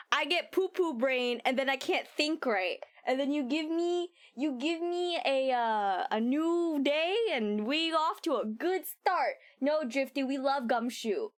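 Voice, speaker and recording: Young female game streamer; high, bouncy, giggly, foul-mouthed casual chat. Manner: animated, giggly, swears freely.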